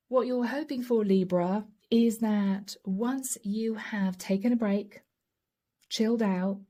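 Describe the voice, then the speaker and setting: A woman giving a channeled tarot reading to camera, gentle and encouraging, speaking straight to her viewers and breaking into soft laughs. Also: medium pitch. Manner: often breaks into light laughs and soft asides. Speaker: tarot reader.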